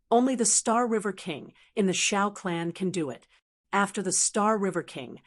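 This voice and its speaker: A woman's voice: medium pitch, close to an everyday voice. A woman narrator voicing an amazed elder watching a duel in an audiobook. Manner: amazed exclamation. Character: awed elder sect spectator.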